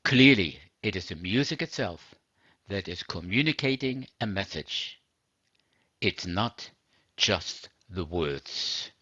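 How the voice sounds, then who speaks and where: A man reads a sermon in a measured, earnest way. His voice sits low and husky. The recording is dry and dull. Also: expressive, pushed and bright, no echo. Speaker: religious teacher. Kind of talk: scripted sermon narration.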